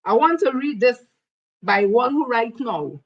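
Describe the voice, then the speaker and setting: Combative Trinidadian woman, higher voice. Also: expressive, measured pace, muffled recording. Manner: combative, scolding. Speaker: online commentator. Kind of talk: heated commentary with read-out quotes.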